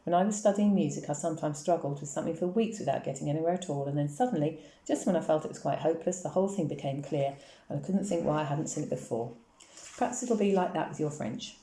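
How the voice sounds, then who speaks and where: Woman reader doing a brisk, caring storybook mother, plain low voice. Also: warm tone, roomy sound. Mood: reassuring. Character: mother, firm but caring.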